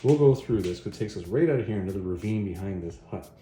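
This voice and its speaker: Blunt impatient barbarian swordsman, guy putting him on while recapping a comic, low voice, echoey room. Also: lively intonation, fast, dark tone, natural voice. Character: stern barbarian warrior hero, male adult.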